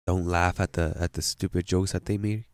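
A man's voice: low voice, little pitch movement, moderate pace, dry recording. A man preaching a sermon as pastor, emphatic and questioning his congregation.

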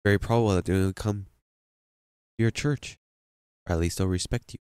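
A male pastor delivers a sermon in a lower voice, pressing his points and putting questions to his listeners. The sound is dry, with little room in it. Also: fairly quick, a little mellow, smooth, no room sound. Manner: emphatic preaching, asks the congregation questions.

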